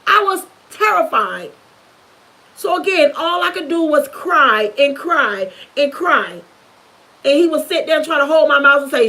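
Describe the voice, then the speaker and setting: A woman's voice: high voice, lively intonation, a little slow, pushed and bright, low-quality recording. A young woman vlogger giving an emotional personal testimony to the camera, earnest and intense, repeating herself for emphasis. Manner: earnest, repetitive, intense storytelling.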